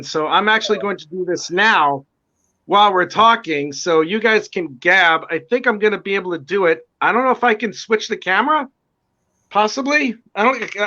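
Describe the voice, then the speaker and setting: A man's voice: high voice, sharp tone. A man with a New York accent chatting casually on a video call, joking, swearing and rambling. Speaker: guest artist. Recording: dull lo-fi video call audio.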